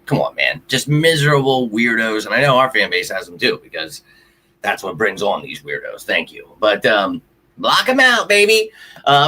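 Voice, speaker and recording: A man's voice: lowish voice, sharp tone, breathy edge. A man hosting a sports livestream, talking casually to his viewers, frustrated and ranting with some cursing. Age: adult with a child. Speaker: sports show host.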